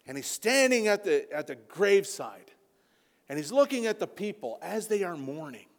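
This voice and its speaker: A man preaching a sermon as a pastor, impassioned, rising to near-shouting peaks. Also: sits high, very animated, normal speed. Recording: long hall reverb.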